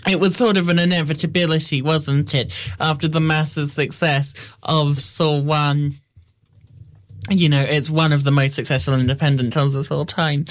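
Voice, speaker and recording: A man's voice: a little high, little pitch movement, moderate pace. A man giving a casual spoken film review, wry and rambling, often restarting his sentences.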